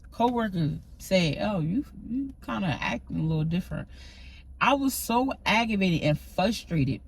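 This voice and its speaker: A woman's voice: on the low side, a little mellow, slight background noise, low-quality recording. Woman giving a casual faith talk. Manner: conversational and emphatic, often checks in with "right?". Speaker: faith vlogger. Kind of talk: casual spiritual talk to camera.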